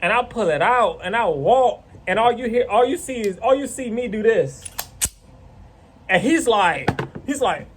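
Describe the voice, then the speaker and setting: Guy with a high voice doing a story time vlog, swears a lot, rambles. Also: moderate pace, slight background noise. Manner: rambling, profane, animated retelling. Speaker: vlogger telling a story.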